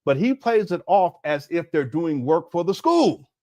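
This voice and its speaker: Middle-aged male livestream host, lively swings in pitch, slightly high voice, emphatic and chatty, laughs often. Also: measured pace. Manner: animated, laughing, emphatic, conversational with chat. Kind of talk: casual livestream commentary.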